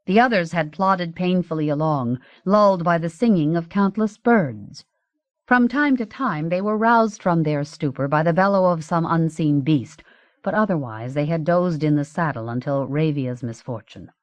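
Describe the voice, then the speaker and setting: A woman narrating an audiobook in a measured, even reading. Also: low voice, no room sound, dull audio.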